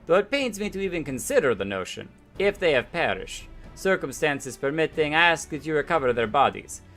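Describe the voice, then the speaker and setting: A man's voice: on the high side, big pitch swings, a little fast, a bit bright, soft background music. A man reading out an earnest woman garrison commander from a game, declaiming in a mock-formal tone. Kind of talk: reading game dialogue aloud.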